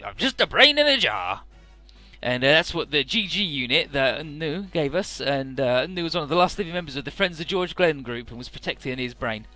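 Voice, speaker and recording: A man's voice: on the high side, fairly quick, few pauses, pushed and bright. A man casually narrating a video game playthrough, who rambles with lots of fillers and laughs often. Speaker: let's play commentator. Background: faint game music.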